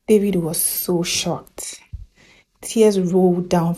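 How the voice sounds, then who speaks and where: A Nigerian woman narrating a film recap in a lively storytelling way. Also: on the low side, moderate pace.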